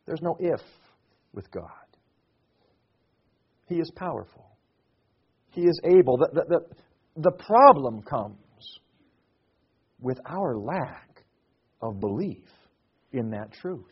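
A middle-aged male pastor preaching a sermon, rising to loud emphatic declarations and dropping to soft, hushed reflection. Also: medium pitch, sing-song, slow pace, pauses often, slightly rough, highs cut off.

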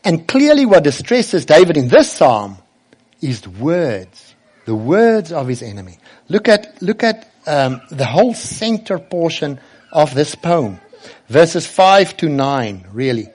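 A man's voice: fairly high pitch, big pitch swings, measured pace, darkish tone, husky. A man preaching a sermon earnestly, often turning to ask the children direct questions.

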